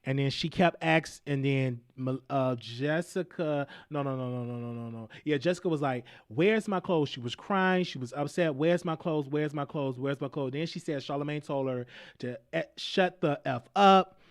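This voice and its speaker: A man hosting a podcast, giving casual, earnest commentary with frequent halting restarts. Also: fairly high pitch, no room sound, studio quality. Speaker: podcast host.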